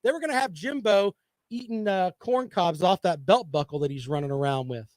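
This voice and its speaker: A man's voice: high voice, fairly quick, no room sound. A man co-hosting a sports talk show, teasing his co-host in rowdy, joking banter. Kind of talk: casual sports chat.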